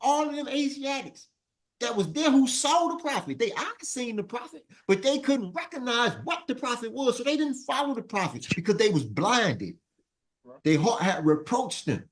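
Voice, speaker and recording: A man teaching a Sunday school lesson, preaching in an animated way and repeating phrases for his class to answer. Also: very high voice, moderate pace.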